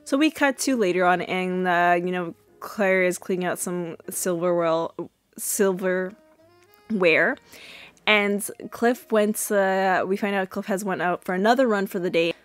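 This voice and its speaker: A woman in her twenties hosting a podcast, retelling a TV episode in a chatty, animated way with many fillers. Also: fairly low pitch, measured pace, no room sound. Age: 20s. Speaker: podcast host. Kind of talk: casual episode recap.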